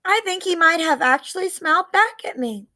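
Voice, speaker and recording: Casting: woman, high voice, expressive children's book read-aloud. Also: normal speed, slight background noise. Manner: expressive, animated reading. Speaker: storybook reader.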